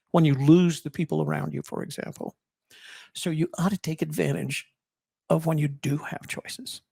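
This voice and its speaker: A man in his seventies telling a personal story in an interview, reflective, with halting restarts. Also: a little high, gravelly, darkish tone, breathy edge, dry recording, studio quality. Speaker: guest, army veteran and co-author.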